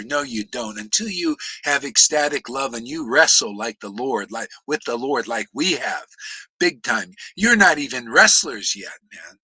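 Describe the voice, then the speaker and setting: A man preaching in an impassioned, confrontational rant, swearing freely, often shouting and mocking others. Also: mid-range voice, animated, unhurried, husky, dry recording, rough recording. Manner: mocks others in put-on voices. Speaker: spiritual teacher.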